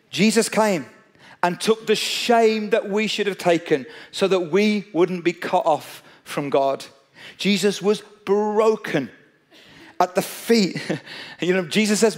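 A man preaching a sermon, telling a story with animated energy and speaking straight to his listeners. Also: high voice. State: out of breath.

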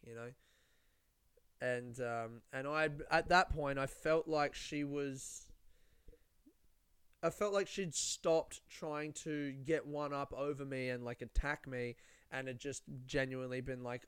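A man's voice: medium pitch, fairly even intonation, slow pace, fairly bright tone, clear, resonant tone, no echo, clean studio sound. A young man with an Australian accent, a comedian hosting a casual chat, telling rambling, sweary, self-mocking stories. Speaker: comedian and podcast host. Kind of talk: casual storytelling.

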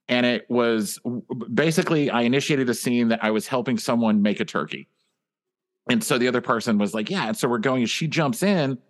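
A man co-hosting a comedy podcast, telling rambling stories with many fillers. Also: medium pitch. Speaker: podcast co-host. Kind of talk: casual comedy podcast chat.

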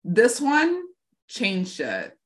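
A woman's voice: medium pitch, huge pitch swings, extremely slow. A woman co-hosting a podcast, recapping a TV episode in a gushing, chatty way with lots of fillers. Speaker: podcast co-host. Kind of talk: casual chat recapping a TV episode.

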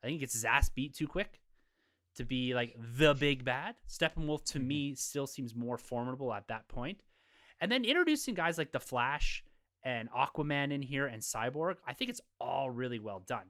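A man on a podcast panel, giving a measured, analytical review of a film in casual conversation. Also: mid-range voice, lively intonation, a bit bright.

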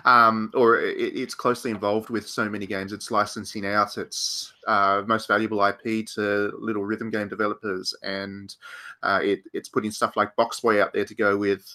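Bright-toned man musing in casual chat. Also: fairly low pitch. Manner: thoughtful, rambling, frequent restarts. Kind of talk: casual panel discussion.

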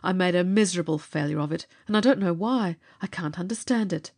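A woman's voice: fairly low pitch, fairly quick, a little mellow. Brief: earnest, anguished young male scientist, read by a woman narrator for an audiobook. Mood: despairing. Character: brilliant young male scientist, intense and driven. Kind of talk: audiobook character reading.

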